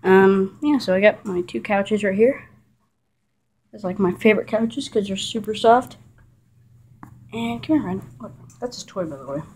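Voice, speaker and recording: Casual female vlogger at home, mid-pitched and rambling, filmed on a handheld camera. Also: moderate pace, pauses often, husky. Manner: chatty, rambling, breaks off to scold the dog loudly. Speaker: vlogger showing her dog. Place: living room of a house. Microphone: handheld camera, filmed one-handed.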